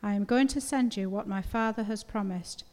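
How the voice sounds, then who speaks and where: A woman reading a Bible passage aloud to a congregation in a steady, measured way. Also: mid-range voice. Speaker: scripture reader. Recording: reverberant hall recording.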